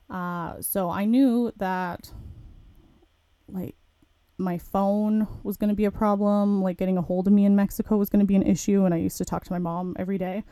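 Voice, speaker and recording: Frank, mellow-voiced woman podcaster. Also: medium pitch, no echo. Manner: candid, frank, swears casually. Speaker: podcast host. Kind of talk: candid storytelling.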